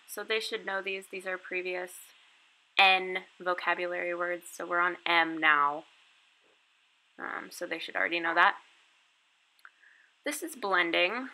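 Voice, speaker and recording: A woman's voice: fairly low pitch, fairly even intonation, unhurried, long pauses, pushed and bright, poor audio. A woman who teaches English online, giving a chatty step-by-step walkthrough of her lessons over a screen recording. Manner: chatty, explaining step by step with casual fillers. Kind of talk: casual screen walkthrough tutorial.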